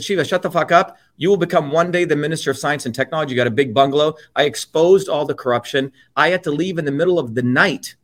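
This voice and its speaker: A man's voice: on the high side, a bit bright. A man in his fifties from India, telling his life story as an interview guest in an emphatic, blunt and profane way. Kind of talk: impassioned personal storytelling.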